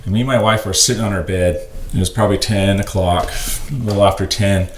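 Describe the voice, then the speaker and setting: A man's voice: on the low side, steady tone, a little fast. A man earnestly telling a personal story on a podcast, rambling and full of "like". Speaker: ministry worker on a podcast. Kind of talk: casual storytelling. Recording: roomy echo, faint noise.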